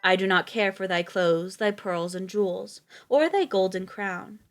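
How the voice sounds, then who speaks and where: A woman's voice: medium pitch, unhurried, soft background music, lightly acted. A woman voicing a talking male frog from a fairy tale, bargaining in old formal speech, close to her own voice. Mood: coaxing.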